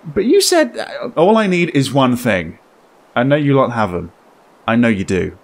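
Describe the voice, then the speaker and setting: A man voicing a surly young man who blocks a doorway, blunt and demanding, with slow, sneering lines. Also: mid-range voice, very animated.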